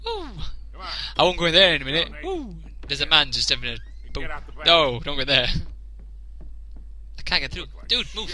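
Young guy, bright lively voice, jokey let's play commentator. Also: fairly high pitch, normal speed. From England. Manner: jokey, laughs often, reacts loudly. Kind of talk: casual gameplay commentary.

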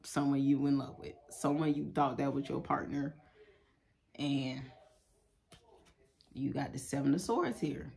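A woman's voice: rumbling low, measured pace, creaky, long pauses, a little mellow. A woman giving a casual tarot reading, talking bluntly and profanely in a loose, chatty way. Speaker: tarot reader.

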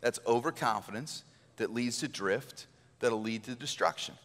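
A male pastor giving an Easter sermon in a church, conversational and animated, acting out quotes. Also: medium pitch, normal speed. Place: church sanctuary. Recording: church hall reverb.

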